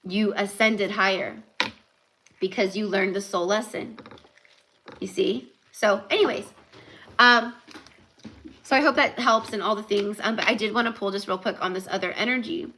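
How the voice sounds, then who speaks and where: Bright-voiced chatty woman reading tarot. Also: mid-range voice, a little hiss or hum, low-quality recording. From California. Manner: chatty, rambling, many fillers and "like"; slows down to stress spiritual points. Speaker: tarot reader.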